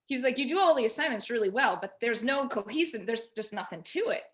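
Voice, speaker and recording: A woman on a video call at home, telling a personal story in an animated way and quoting herself and others. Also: on the high side, fairly quick, few pauses. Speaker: featured artist guest. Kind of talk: casual video call discussion.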